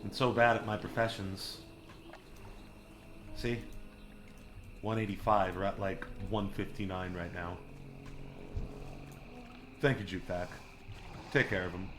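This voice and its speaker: Man, lowish voice, casual live-stream gameplay chatter, talking to chat, faint background noise. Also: fairly even intonation, slow pace, long pauses.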